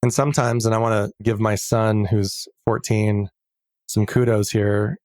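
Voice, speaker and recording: A middle-aged man talking as a podcast guest in a casual interview, earnest and reflective, slowing down to stress key words. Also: lowish voice, fairly even intonation, darkish tone, no echo, studio quality.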